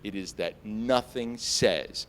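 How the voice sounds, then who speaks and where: An American man telling a story on stage before a live audience, animated and self-mocking, full of fillers and restarts. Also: fairly low pitch, slow pace, a little hiss or hum. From United States.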